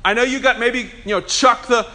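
High-voiced man preaching a casual sermon. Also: fairly quick, sharp tone. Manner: conversational, joking with the congregation; calls for amens from the congregation. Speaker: pastor. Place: church before a congregation.

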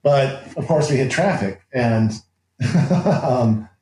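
A man's voice: medium pitch, slow, slight background noise. A man telling a story as an interview guest, with lots of laughs, restarts and acted-out quotes. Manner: animated, laughs often, acts out quotes with restarts. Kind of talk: casual anecdotal storytelling. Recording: roomy echo.

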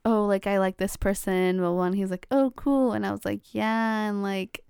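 Young woman, college age, casual and chatty, crisp clear voice, dry close sound. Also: medium pitch, level tone, normal speed, darkish tone, no echo. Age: young adult. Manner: chatty, many fillers, acts out quoted dialogue. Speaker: college student. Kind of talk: casual chat.

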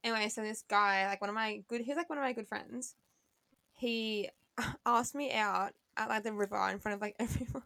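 A woman's voice: on the high side, normal speed, gravelly, bright, forceful tone, no echo. A woman, co-hosting a casual podcast with wry quips. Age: 20s. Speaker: podcast co-host. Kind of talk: casual chat.

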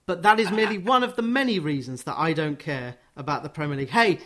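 A man's voice: fairly high pitch, fast, fairly bright tone. A man hosting a radio show, chatting casually with a wry, teasing manner.

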